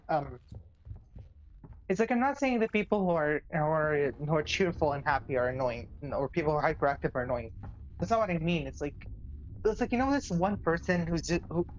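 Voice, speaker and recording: A woman's voice: sits low, dull audio, slight background noise. A woman chatting casually on a game stream, rambling with lots of restarts and giggles. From another country. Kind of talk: casual chat.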